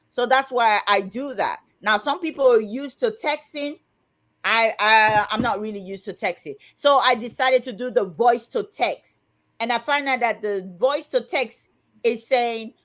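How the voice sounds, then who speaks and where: A woman from Britain co-hosts a casual livestream chat, her voice sitting somewhat high. She rambles, restarts her sentences and laughs often. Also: normal speed. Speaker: co-host.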